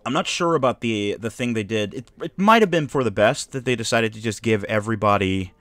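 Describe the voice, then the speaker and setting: Male streamer, lowish voice, dry close sound, loose jokey gameplay chatter. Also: fairly quick, a bit bright, no room sound. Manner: rambling, joking asides. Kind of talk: casual gameplay commentary.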